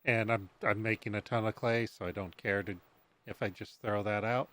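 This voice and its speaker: A man's voice: on the low side, fairly even intonation, moderate pace, a bit bright. A man streaming a building game, talking to himself in a casual, rambling way and humming under his breath. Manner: mutters and hums to himself while building. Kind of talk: casual gameplay commentary.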